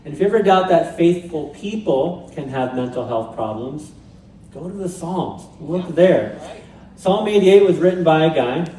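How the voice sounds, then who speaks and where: Mellow-voiced pastor preaching in a roomy church. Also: male voice, a little high, animated, normal speed. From Pacific Northwest, USA. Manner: conversational preaching with light humor. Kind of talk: sermon. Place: church sanctuary. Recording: roomy church sound from a distant mic.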